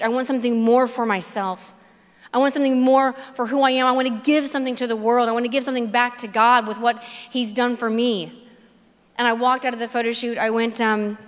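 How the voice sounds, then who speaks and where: A woman speaks from a conference stage, her fairly high voice carrying a long hall reverb. She tells a personal faith story earnestly, repeats phrases for emphasis and acts out bits of dialogue. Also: fairly bright tone. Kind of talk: personal faith testimony talk.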